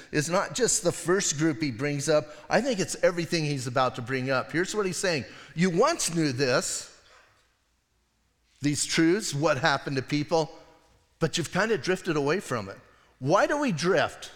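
Man, pastor, sermon, conversational, somewhat high pitch, acts out voices, long hall reverb. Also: expressive, moderate pace, fairly bright tone. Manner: casual conversational preaching, acts out voices in stories.

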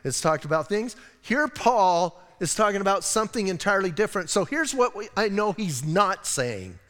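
This American pastor has a high, sing-song, fairly bright voice and a moderate pace as he delivers a casual, talkative sermon. He keeps posing rhetorical questions and slipping in asides, with long church-hall reverb in the sanctuary.

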